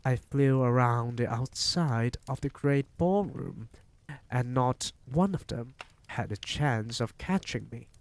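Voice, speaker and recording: Very slow-reading man narrator. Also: mid-range voice. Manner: unhurried, measured storytelling. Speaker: streamer. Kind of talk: reading a novel aloud on stream.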